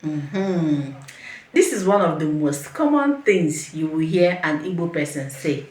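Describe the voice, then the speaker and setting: A woman's voice: low voice, big pitch swings, moderate pace, a little mellow, reverberant. A woman teaching a beginner language lesson, patiently repeating each phrase and encouraging the viewer to say it after her.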